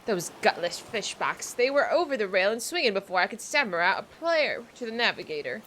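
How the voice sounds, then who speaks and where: A woman's voice: mid-range voice, very animated, a little fast, pushed and bright, slight background noise. A woman voicing a wounded male sailor, reading his game lines in a pained tone.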